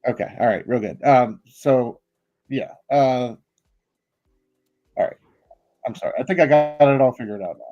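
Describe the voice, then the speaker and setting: A man's voice: medium pitch, lively intonation, normal speed, long pauses, dark tone, highs cut off, soft background music. A man co-hosting a casual live-stream podcast, talking in a rambling way with lots of fillers and apologies. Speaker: podcast co-host.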